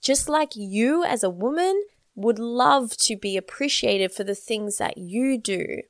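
A woman's voice: medium pitch, dry recording, studio quality. A woman, talking as a relationship coach in an earnest, flowing coaching monologue with casual swearing.

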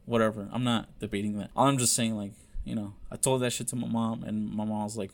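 A man's voice: mid-range voice, a little fast, few pauses. Man telling a story, loose and profane. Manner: loose, profane, many fillers; frank and confessional. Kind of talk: casual personal storytelling.

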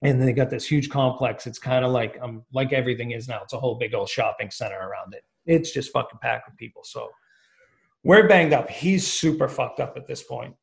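A man's voice: mid-range voice, a little fast, creaky. A man on a podcast telling a long, rambling, profane story in casual talk. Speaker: podcast guest.

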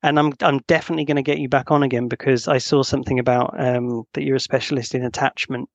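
A man's voice: medium pitch, fast, gravelly. A man in his thirties hosting a podcast, talking casually with lots of restarts and playful quoted voices. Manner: animated, restarts a lot, acts out quoted voices. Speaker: podcast host. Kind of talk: casual conversational interview.

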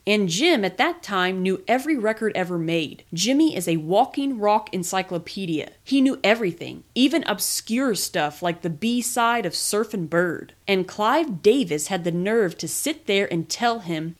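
A woman reading a memoir aloud in the first person, with lively, expressive storytelling. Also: mid-range voice, a little slow, hardly any pauses. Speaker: podcast reader.

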